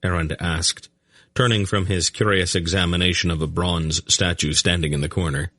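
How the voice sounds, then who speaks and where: A man narrating an audiobook in an expressive storytelling manner. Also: deep voice, moderate pace, no echo. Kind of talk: scripted narration.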